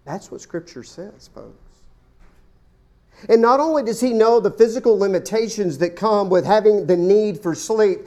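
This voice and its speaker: A man delivers a sermon in a dramatic, theatrical manner. He calls his listeners folks and fires rhetorical questions at them. His voice leaps to loud exclamations, then sinks to hushed, near-whispered lines. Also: high voice, normal speed. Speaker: preacher.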